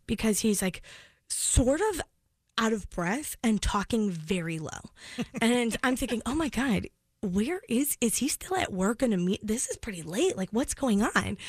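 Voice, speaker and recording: A woman, co-hosting a morning radio show, telling a story in a lively way with laughs and fillers. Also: on the high side, no echo. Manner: animated storyteller, laughs often, many fillers. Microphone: studio microphone.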